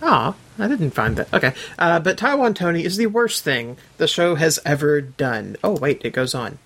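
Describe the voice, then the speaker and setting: A man's voice: a little high, big pitch swings, moderate pace, a bit bright. Hesitant man reading listener reviews. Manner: hesitant, lots of ums and uhs, adds his own comments while reading. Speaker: podcast host. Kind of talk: casual podcast chat, reading listener reviews aloud.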